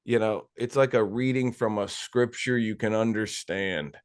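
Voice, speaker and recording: Midwestern guy on a podcast, lower register, talks around his point in loose restarts. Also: normal speed, smooth. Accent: Midwestern American. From American Midwest. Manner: rambling, searching for words with many restarts. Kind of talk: casual podcast chat.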